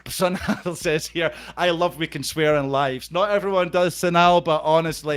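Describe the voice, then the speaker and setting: A Scottish man with a voice pitched a little above most men's chats loosely on a video call. He keeps it casual and salty, calling out viewers by name as he goes. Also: fairly even intonation, moderate pace, smooth. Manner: warm banter, reads out viewer comments, swears freely. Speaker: host of a live stream. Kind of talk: casual live-stream chat.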